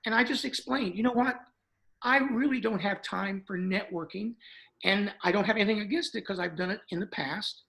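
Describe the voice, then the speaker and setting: An older man with a Southern American accent speaks with a gravelly, slightly rough voice. He tells his story in a folksy, chatty way and slips into quoted back-and-forth as he goes. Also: high voice, normal speed, pushed and bright, rough recording. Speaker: guest dentist. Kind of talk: casual interview storytelling.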